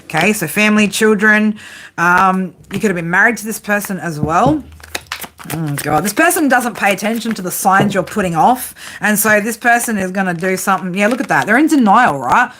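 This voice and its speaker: A woman's voice: mid-range voice, expressive, brisk, a bit bright, a little hiss or hum. A woman giving a casual tarot reading, blunt and profane, often breaking into laughter. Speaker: tarot reader.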